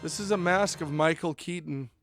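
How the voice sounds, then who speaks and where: Young male streamer, slightly high voice, loose joking ramble, soft game music in the background. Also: normal speed. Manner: rambling, joking, many fillers. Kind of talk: casual chat while streaming a game.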